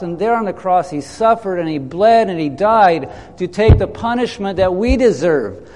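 A man's voice: high-pitched, a little mellow. A male pastor preaching a sermon, emphatic and drawn out on key phrases, leading the congregation to repeat after him. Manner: emphatic, slows down on key phrases, leads the congregation in call and response. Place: church hall. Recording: long hall reverb.

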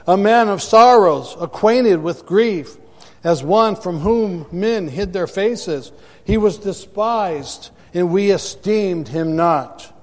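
A man's voice: high-pitched, a little mellow, in a large hall. A man preaching a sermon to a congregation, emphatic and repeating words for effect, recorded in a church sanctuary. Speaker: pastor.

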